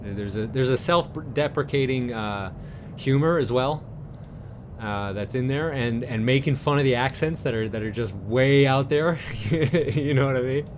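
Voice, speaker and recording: A man from Newfoundland hosting a live stream in a loose, easygoing chat, his voice sitting at an ordinary middle pitch. He rambles from thought to thought and chuckles often along the way. A faint low rumble runs underneath. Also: a little slow. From Newfoundland, Canada.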